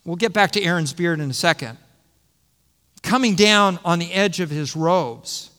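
High-voiced male pastor in a reverberant hall. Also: lively intonation, normal speed, fairly bright tone. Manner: teaching, repeats phrases for emphasis. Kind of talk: expository sermon.

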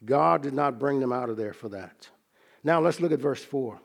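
In his sermon, a man works through scripture with earnest deliberation, slowing on the phrases that matter most. His mid-range voice is expressive and creaky.

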